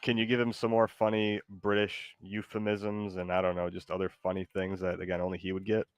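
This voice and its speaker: Rambling low-voiced male streamer. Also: monotone, brisk, smooth, dry recording. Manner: rambling, lots of fillers. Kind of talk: live stream chat.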